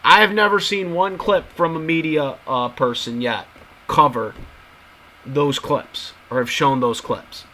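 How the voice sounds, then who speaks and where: A man's voice: a little high, unhurried, sharp tone, a little hiss or hum, rough recording. A man in casual video commentary, talking to his viewers and repeating his points emphatically. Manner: repetitive, emphatic, addresses viewers as guys. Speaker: YouTube commentator.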